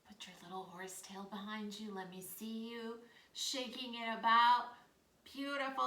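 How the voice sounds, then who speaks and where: A woman's voice: a little high, fairly even intonation, measured pace, bright, forceful tone. A woman leading children through a storytime yoga class, cheerful and encouraging as she coaches each pose. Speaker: kids yoga teacher. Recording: roomy sound from a distant mic.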